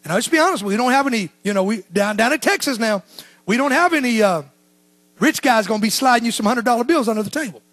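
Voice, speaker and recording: A man preaching a sermon as pastor, swinging between shouted lines and hushed, low asides. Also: animated, fast talker, no echo.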